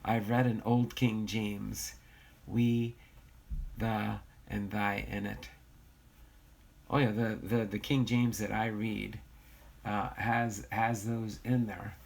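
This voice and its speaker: A man's voice: fairly low pitch, little pitch movement, slow, creaky, long pauses. An American man hosting a casual livestream, reading viewer comments aloud and bantering, with a slightly nasal voice. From United States. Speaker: livestream host.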